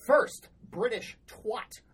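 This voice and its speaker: On a roughly recorded podcast, a female co-host with a fairly high, expressive, breathy-edged voice talks very slowly. Her work stories come out blunt, exasperated and heavily profane in a casual chat.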